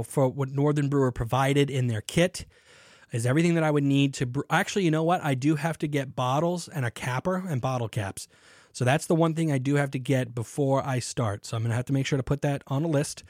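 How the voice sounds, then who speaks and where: A man's voice: mid-range voice, darkish tone, no echo. A man hosting his own podcast from a cramped home studio, talking casually with lots of fillers and self-mocking asides. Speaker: podcast host. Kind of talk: casual solo podcast talk. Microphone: studio microphone.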